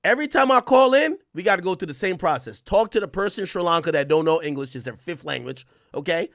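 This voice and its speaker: A man hosting a livestream, telling a story in casual slang, animated and sometimes loud. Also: high-pitched, fast, no room sound, studio quality. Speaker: streamer host.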